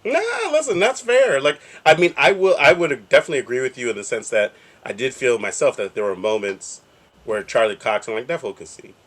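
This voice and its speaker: A man co-hosting a podcast in casual chat, animated and agreeable. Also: mid-range voice, brisk. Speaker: podcast co-host.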